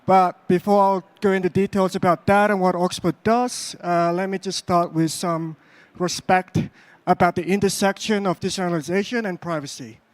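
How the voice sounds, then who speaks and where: Australian-accented man, high voice, conference keynote, slow deliberate delivery with fillers. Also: steady tone, no echo. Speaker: conference speaker. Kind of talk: tech conference talk. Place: conference stage.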